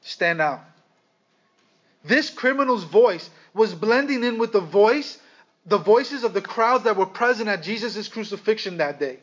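A man preaching a sermon, speaking with dramatic pauses and calling his listeners "guys". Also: sits high, lively intonation, fairly bright tone. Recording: slightly dull lo-fi sound.

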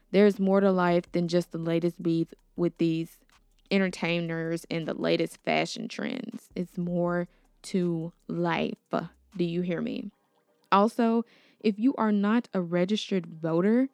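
A woman's voice: lowish voice, steady tone, unhurried, vocal fry, a little mellow, smooth, dry recording. A young woman hosting her own podcast, talking earnestly and outspokenly, sometimes stumbling over names. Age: young adult. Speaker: podcast host. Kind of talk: casual solo podcast commentary.

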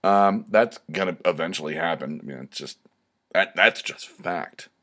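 A man's voice: sits low, moderate pace, fairly bright tone. A young man hosting a podcast, telling a rambling personal story in a self-deprecating, digressive way with many restarts.

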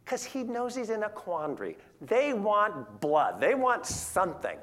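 Animated preacher with a lively voice. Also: medium pitch, unhurried. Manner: conversational, paraphrases scripture in plain modern words; animated, asks the audience questions. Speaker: preacher teaching through a Bible passage. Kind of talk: Bible teaching sermon.

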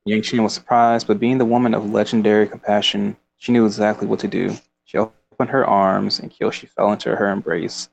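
A man's voice: lowish voice, flat delivery, brisk, creaky, hardly any pauses. A man casually discussing a book, reading passages aloud and rambling with laughs. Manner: rambling, with frequent fillers and laughs.

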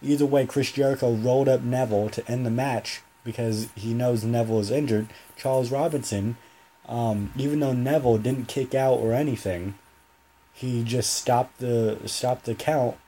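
A man's voice: medium pitch, fairly even intonation, normal speed, warm tone. A young man hosting a solo podcast, talking casually and rambling, often correcting himself mid-sentence. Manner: rambling, self-correcting, chatty. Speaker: podcast host.

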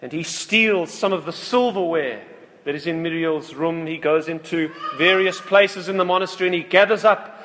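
A man preaching a sermon, retelling a story slowly and earnestly, often restarting his phrases. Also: fairly high pitch, a bit bright, a little hiss or hum. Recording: long hall reverb.

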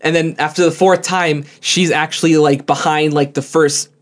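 A young man with a slightly high voice tells a story among friends. His casual chat rambles, and he keeps tripping over repeated words before he gets each thought out. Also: fairly even intonation, moderate pace.

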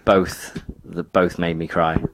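A man's voice: sits low, flat delivery, slow pace, crowd noise. A man, co-hosting a podcast in rambling, self-deprecating casual chat. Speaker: podcast co-host. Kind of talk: casual banter.

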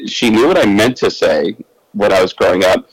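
Swearing, fast-talking male comedian. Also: on the low side, animated, no echo, low-quality recording. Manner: loose, swearing, quick storyteller with laughs. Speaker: comedian guest. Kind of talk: casual anecdote telling.

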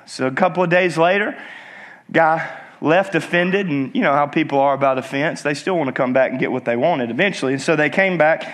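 A man preaching a sermon with call-and-response urging, swinging between emphatic and hushed delivery. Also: high voice, fairly quick. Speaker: pastor.

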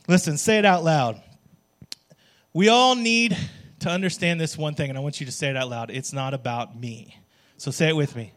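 A man's voice: a little high, expressive, a little fast. A worship pastor, a man, preaching a jokey, conversational sermon and often checking in with "right?". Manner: conversational, keeps asking "right?"; jokey, calls on the congregation.

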